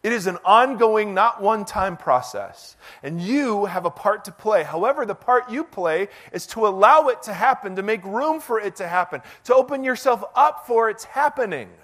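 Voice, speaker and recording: Male pastor, middle-aged, high voice, casual self-mocking sermon delivery. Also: normal speed, few pauses. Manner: conversational, self-deprecating, animated preaching.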